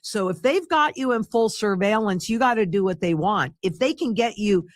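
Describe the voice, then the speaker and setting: A woman speaking in a steady, cautionary lecturing manner in a clip played on a stream. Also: mid-range voice, moderate pace, no room sound, studio quality. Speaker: financial commentator.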